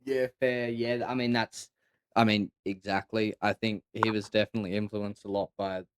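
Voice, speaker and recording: A man co-hosting a casual livestream show, telling stories in a loose, animated way with constant swearing. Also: on the low side, normal speed. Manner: profane, animated storyteller. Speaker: co-host. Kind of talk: casual podcast chat and storytelling.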